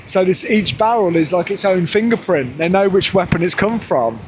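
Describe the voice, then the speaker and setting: A man's voice: high voice, normal speed, hardly any pauses, noisy background. A man, chatting casually to camera as a vlogger, rambling and correcting himself. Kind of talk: casual vlog chat. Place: outdoors, then inside a parked van.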